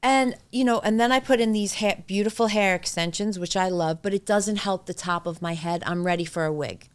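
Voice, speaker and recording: A woman's voice: medium pitch, fairly quick, clean tone. A woman co-host sharing personal struggles emotionally in a casual podcast chat. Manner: emotional, confessional.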